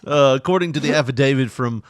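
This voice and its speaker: A man's voice: mid-range voice, fast talker, dry recording, clean studio sound. A man co-hosting a casual podcast, laughing often and reading news stories aloud with joking asides. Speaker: podcast co-host.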